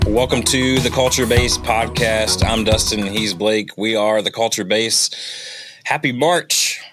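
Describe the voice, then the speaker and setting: A man's voice: lowish voice, level tone, moderate pace, music in the background. A man hosting a podcast in casual chat, with a chatty, playful, promotional manner. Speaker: podcast host.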